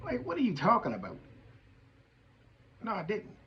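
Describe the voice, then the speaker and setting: A man's voice: high-pitched, normal speed, dull audio, slight background noise. Emphatic man telling his story. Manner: animated, emphatic storytelling in casual vernacular. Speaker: veterans' advocate hosting a show. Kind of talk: personal testimony to an audience.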